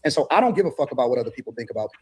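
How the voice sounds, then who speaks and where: Fast-talking, defiant man on a panel. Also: mid-range voice, very animated, husky. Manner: defiant, blunt, profane. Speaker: panel guest. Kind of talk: panel discussion.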